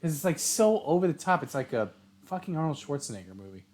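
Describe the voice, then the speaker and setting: A man's voice: a little high, very animated, fast, darkish tone. A man co-hosting a podcast, talking casually around a table with blunt, dry jokes and frequent swearing. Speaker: podcast co-host. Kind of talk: casual wrestling chat.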